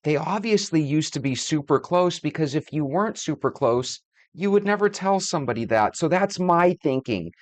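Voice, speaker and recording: A man in his thirties, the host, calmly reasons through a story and speaks directly to his viewers. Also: fairly high pitch, normal speed, no echo. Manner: calm, reasoning, talks to viewers. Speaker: host, commentator. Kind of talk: casual commentary.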